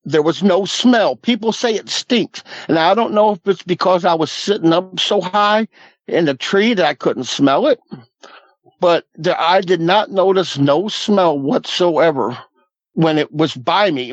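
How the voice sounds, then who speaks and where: A man's voice: fairly high pitch, lively intonation, unhurried, no room sound, highs cut off. Earnest man in his fifties. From Southwest Missouri Ozarks. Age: 50s. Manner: earnest, folksy, repeats "I said" and "he goes". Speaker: guest. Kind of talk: recounting a personal encounter.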